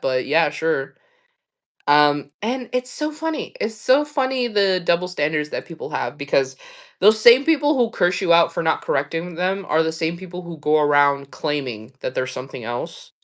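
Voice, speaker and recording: Candid, swearing woman livestreamer, rambling. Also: on the low side. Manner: candid, swearing, laughing often, chatty storytelling. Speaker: livestream host. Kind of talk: casual livestream chat.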